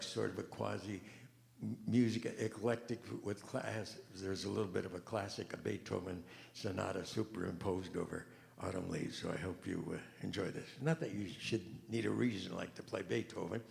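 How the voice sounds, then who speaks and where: A man doing rambling stand-up comedy with a deadpan delivery, recorded live on stage. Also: fairly low pitch, gravelly. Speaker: comedian and pianist. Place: large event hall on stage. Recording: echoey hall, live stage mic.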